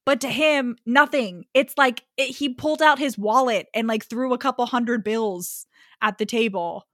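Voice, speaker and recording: A young woman recapping a story in casual chat, animated and full of mock outrage, peppered with "like". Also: fairly high pitch, moderate pace, dry recording, clean studio sound.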